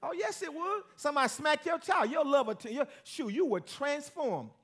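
A man preaching a sermon as pastor to a church congregation, with call-and-response and stretches that build to shouting. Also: very high-pitched, expressive, moderate pace.

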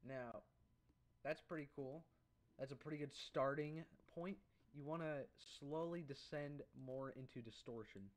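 A man recording a casual software tutorial over his screen, talking in a halting way with many uh's. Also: fairly high pitch, noisy background. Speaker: YouTube creator.

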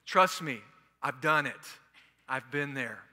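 A man's voice: medium pitch, animated, takes it slowly, sharp tone. A man from Houston preaching a sermon as pastor, joking and talking in a loose conversational way. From Houston, Texas. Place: church sanctuary. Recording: long echo of a large church hall.

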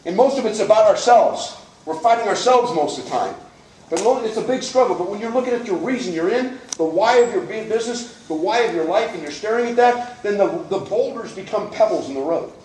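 Brisk and expressive, this high-pitched, slightly mellow male voice belongs to a man giving a folksy, emphatic motivational talk to an audience at a business coaching event, acting out those he describes. He's indoors in an event hall; the audio is echoey, captured from far away, with a little hiss or hum.

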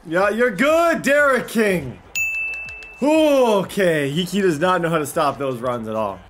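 A young man giving excited commentary on his own video game, shouting at big plays and repeating himself. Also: sits high, measured pace, soft background music.

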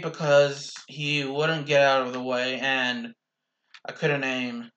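A young man casually commentating his own gameplay, rambling slowly with restarts, bothered by hiccups and coughs. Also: medium pitch, little pitch movement, a bit bright.

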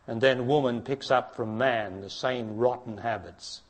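A man giving a spiritual talk to an audience, blunt and challenging, dropping to hushed tones and then rising to emphatic ones. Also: a little slow. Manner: blunt, challenging, preacher-like, asks direct questions; swings between hushed low passages and raised emphatic ones. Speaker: spiritual teacher.

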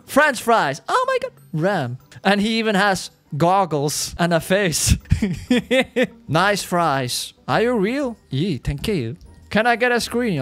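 A man giving casual, excitable commentary as a gaming YouTuber, chatty and laughing often. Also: high voice, dry recording.

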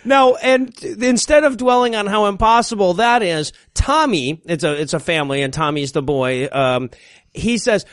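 A man's voice: high-pitched, animated, fairly bright tone, no room sound, clean studio sound. A man co-hosting a comedy podcast, riffing casually on a bad movie and laughing often. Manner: laughs often, quick asides. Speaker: podcast co-host.

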